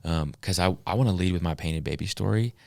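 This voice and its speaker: A man's voice: low voice, fast, gravelly, a little mellow, no echo. A man hosting a podcast, talking in an earnest, reflective way during a casual interview. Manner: earnest, reflective, faith-focused. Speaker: podcast host.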